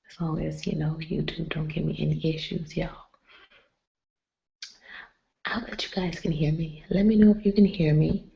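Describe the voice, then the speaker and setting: A woman's voice: sits low, fairly even intonation, normal speed, creaky, pauses often, dark tone. A woman hosting a late-night live stream from home, talking casually and keeping her voice down, often near a whisper, through a computer mic. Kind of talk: casual live-stream chat with motivational talk. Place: home at night with others asleep. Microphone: computer mic on a live video stream. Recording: dull lo-fi stream audio.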